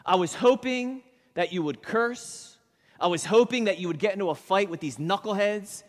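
A preacher acting out a hulking former mob enforcer, blunt and confessional. The voice stays high for a man and carries a long church-hall reverb. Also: moderate pace, lightly acted. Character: huge hardened male ex-mob enforcer, blunt.

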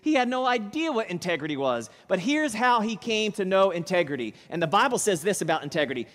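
High-voiced male pastor, reverberant church. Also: sing-song, fairly quick, few pauses, fairly bright tone. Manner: dramatic storytelling, emphatic. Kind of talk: sermon.

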